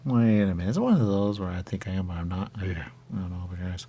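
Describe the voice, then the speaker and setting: A man's voice: low voice, quick pace, dark tone, a little hiss or hum. A man hosting a radio show, rambling and musing aloud in casual chat.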